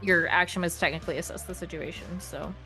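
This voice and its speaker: A woman game master with a fairly low-pitched voice paints the battlefield in vivid detail, breaking into easy laughs. Soft music plays faintly underneath. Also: fairly even intonation, fast talker. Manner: vivid descriptive narration, laughs easily. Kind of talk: narrating a tabletop game.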